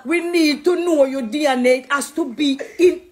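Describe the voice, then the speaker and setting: A middle-aged woman with a Jamaican accent, talking to camera in an animated, preachy, affectionate way, slipping into patois. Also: sits high, normal speed. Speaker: dancehall artist. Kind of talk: casual direct-to-camera talk.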